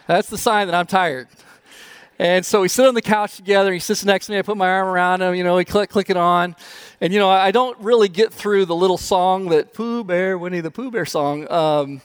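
Older guy preaching, kinda high voice, storytelling, chuckles a lot. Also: brisk, clear, resonant tone. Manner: animated storytelling, chuckles often. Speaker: pastor. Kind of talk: sermon.

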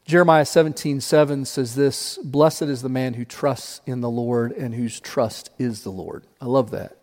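A man preaching a sermon as pastor, emphatic, repeating key phrases and slowing down to stress them. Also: medium pitch, steady tone, a little mellow, big-room sound.

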